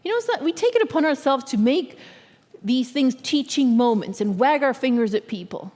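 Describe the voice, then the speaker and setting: A woman giving a sermon as a guest speaker in a church, talking in an earnest, measured way and often checking in with her listeners. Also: sits high, expressive, darkish tone, in a large hall. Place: church sanctuary.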